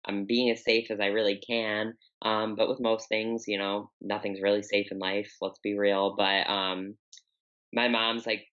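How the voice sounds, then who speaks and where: Young woman guest, unusually deep voice, forceful tone, candid and rambling, dull lo-fi audio. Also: little pitch movement, a little slow. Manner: open, candid, rambling with many fillers. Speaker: podcast guest, bodybuilder. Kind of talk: casual interview talk.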